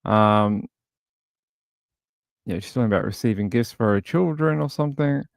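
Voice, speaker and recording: A man's voice: fairly low pitch, moderate pace, gravelly, no room sound. A man hosting a casual livestream, chatting and thinking aloud as he scrolls through material. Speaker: livestream host.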